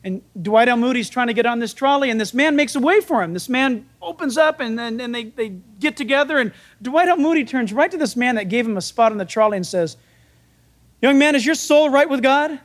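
A man preaching a sermon as pastor, animated and playful, acting out the people in his stories. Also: very high voice, brisk, hardly any pauses.

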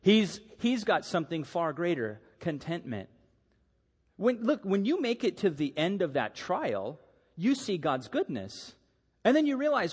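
A middle-aged male pastor delivers a sermon with a lively, swooping delivery, sitting a touch above a typical man's pitch. He tells stories animatedly, acting out the people in them. His voice trails off into the long reverb of a church hall. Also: measured pace, slightly rough. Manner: animated storytelling, acting out quotes.

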